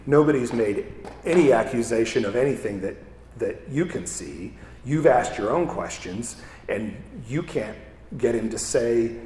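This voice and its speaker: A man's voice: mid-range voice, darkish tone, a little hiss or hum. A man preaching a conversational sermon, often asking "right?" and restarting his words. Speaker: pastor. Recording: echoey hall with faint ambience.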